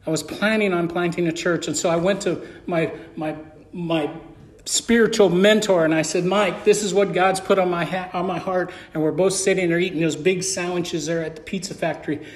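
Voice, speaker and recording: Man, pastor, sermon, storytelling, high-pitched, echoey church room. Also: steady tone, moderate pace. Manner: storytelling, acts out dialogue. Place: church sanctuary.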